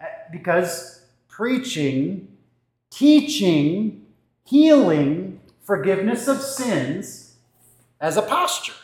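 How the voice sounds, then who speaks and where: A man's voice: high-pitched, very animated, extremely slow, a little mellow. A man, a pastor, casually teaching his congregation in the church, thoughtful and conversational, moving around as he talks. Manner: conversational, thoughtful, with restarts and gestures. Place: church sanctuary. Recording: echoey church room.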